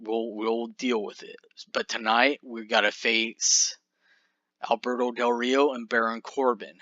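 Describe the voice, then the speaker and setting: A man voicing a calm, reasoning wrestler. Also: mid-range voice, unhurried, dry recording, muffled recording. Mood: placating. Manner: reasoning, placating. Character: calm male wrestler soothing his upset partner.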